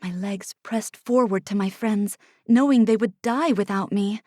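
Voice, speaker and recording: A woman narrating a first-person fantasy audiobook in a hushed manner, sometimes dropping to an unvoiced whisper, close to a studio mic. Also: medium pitch, a little slow, no room sound. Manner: hushed, drops to unvoiced whispers in tense passages.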